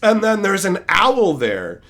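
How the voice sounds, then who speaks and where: A man streaming live, telling a story as an exasperated, profane rant that builds into shouting. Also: sits high, huge pitch swings, takes it slowly. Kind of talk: ranting storytelling to a live chat.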